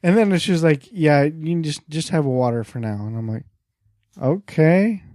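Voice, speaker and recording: A man co-hosting a podcast, telling a personal story in casual chat and jumping up in pitch for the lines he quotes. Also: animated, moderate pace, darkish tone, no room sound, clean studio sound. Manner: jumps high for quoted lines in his stories. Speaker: podcast co-host.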